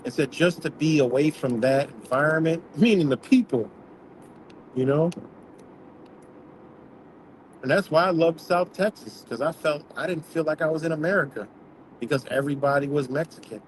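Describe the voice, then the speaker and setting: As host of his own livestream, a man with a slightly high voice rants bluntly and profanely, rambling from one story to the next at a moderate pace with long pauses. Loud, steady road noise hums behind him as though he's in a moving vehicle, and the recording quality is low.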